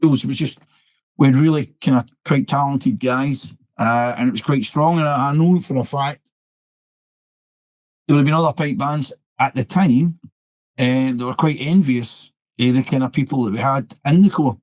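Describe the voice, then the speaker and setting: A man's voice: medium pitch, moderate pace, darkish tone, dry recording, rough recording. A middle-aged man with a Scottish accent, a drummer telling a rambling story in an interview, restarting and repeating "I says" as he goes. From Scotland. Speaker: interview guest, military pipe band drummer. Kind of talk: conversational storytelling.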